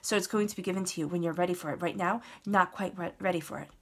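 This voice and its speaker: A woman with a fairly low voice gives a casual spoken tarot reading. She talks straight to her listener in an earnest way and hammers points home by repeating words. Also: fast, slightly rough. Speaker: tarot reader.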